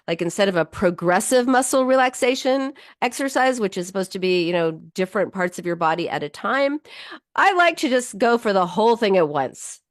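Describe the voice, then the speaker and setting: A woman hosting an advice radio show, answering listener questions in an animated, chatty way with fillers and restarts. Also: mid-range voice, no echo, clean studio sound. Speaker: radio show host and psychologist.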